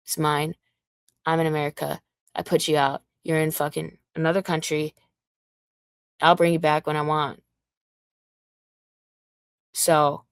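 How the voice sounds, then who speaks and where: A woman's voice: low voice, flat delivery, a little slow, pauses often, smooth, no echo, clean studio sound. A woman on a livestream, ranting casually in a mocking, taunting and profane way.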